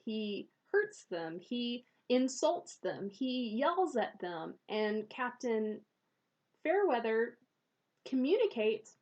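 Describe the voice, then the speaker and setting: A woman reviewing a children's book for parents, speaking in a thoughtful, measured way with pauses and fillers. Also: on the high side, big pitch swings, a little mellow, muffled recording.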